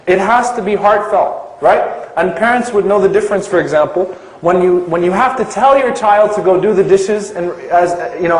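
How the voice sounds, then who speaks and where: A man's voice: sits high, echoey room, low-quality recording. A man giving an Islamic lecture to a live audience, asking them questions and stretching out key terms for emphasis.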